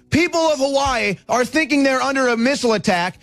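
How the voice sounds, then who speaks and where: High-pitched fired-up male radio host. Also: sing-song, fairly quick, hardly any pauses, no echo. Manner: fired-up, rising to shouts. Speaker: radio talk show host. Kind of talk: heated political talk radio monologue.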